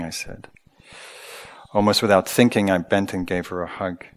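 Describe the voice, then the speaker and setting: A man with a low, deep voice gives a dharma talk as a meditation teacher. He speaks slowly and gently, with reflective pauses and small hesitations. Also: fairly even intonation.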